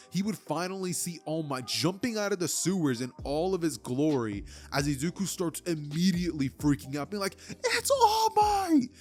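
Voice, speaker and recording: A young man casually telling a fan-fiction story in a rambling, chatty way. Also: a little high. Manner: rambling, filler-heavy, chatty. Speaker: channel host narrator.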